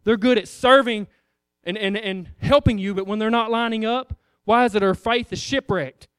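A man's voice: sits high, normal speed, a bit bright, smooth, no echo, studio quality. A man preaching a sermon, emphatic and repetitive, acting out little voices as he goes.

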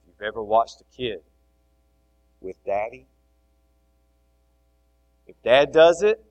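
A middle-aged man preaching a sermon, animated, swinging between loud emphasis and soft asides. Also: medium pitch, slow pace, low-quality recording. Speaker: pastor.

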